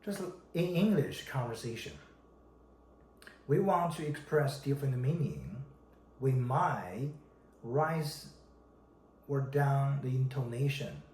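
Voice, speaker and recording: Chinese guy teaching mandarin, slow and deliberate, repeats words, roomy echo and a faint hum behind. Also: medium pitch, expressive, darkish tone. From China. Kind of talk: language lesson. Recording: echoey room with faint background noise.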